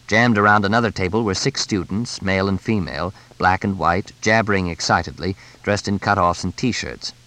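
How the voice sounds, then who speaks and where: A man narrating a novel as an audiobook, in a measured, descriptive storytelling manner. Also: low-pitched, bright, forceful tone, rough recording. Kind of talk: scripted narration.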